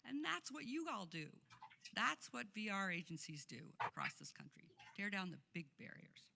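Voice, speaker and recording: A woman's voice: medium pitch, very animated, normal speed, gravelly, heavy background noise. A woman giving a passionate conference keynote speech, emphatic and laughing often, recorded in a conference hall. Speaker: keynote speaker.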